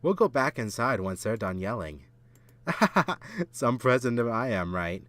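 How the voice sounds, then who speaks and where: A man reading the lines of a poised teenage girl club president in a soft, lowered, calm way over game music. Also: unhurried, dry recording. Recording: game music playing under the voice.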